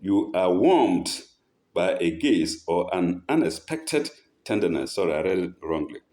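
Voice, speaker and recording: A man with a low, dark voice reads a passage aloud in an unhurried way. He repeats key phrases and stops to explain them, and his pitch rises and falls a lot. The delivery sounds like a teacher talking a group through a text. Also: very animated. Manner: breaks off to mimic speakers in a raised voice. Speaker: religious teacher. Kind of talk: reading aloud and commenting.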